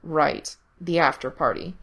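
A woman voicing a teasing, possessive young man in control, speaking low and murmuring close to the ear. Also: measured pace, vocal fry, a bit bright, heavily acted. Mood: teasing, commanding.

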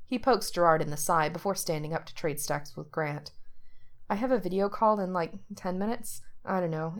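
A woman reading a story aloud as narrator, shifting her voice slightly for the characters' lines. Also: on the low side. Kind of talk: audiobook reading of fiction.

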